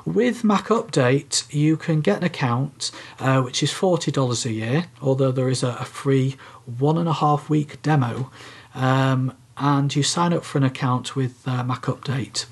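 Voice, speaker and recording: A man's voice: mid-range voice, measured pace, vocal fry, slightly rough. A man co-hosting a casual podcast, explaining things step by step with frequent ums and uhs. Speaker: podcast co-host. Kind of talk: casual tech podcast chat.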